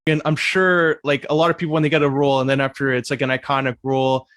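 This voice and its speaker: A man interviewing an actor, asking questions in a relaxed, conversational way. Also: mid-range voice, quick pace, no room sound.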